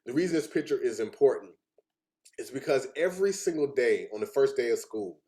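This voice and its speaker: A man's voice: mid-range voice, animated, brisk, warm tone. A young adult man giving a heartfelt personal presentation, earnest and fighting back tears at times. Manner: earnest, chokes up with emotion.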